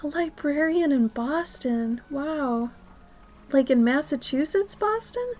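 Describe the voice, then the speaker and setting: A woman streamer chatting casually with her viewers in a slightly high voice. She often sinks into a soft near-whisper, then bursts into loud, excited exclamations. Faint music plays underneath. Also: takes it slowly. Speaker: artist streamer. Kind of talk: casual live-stream chat reading viewer messages.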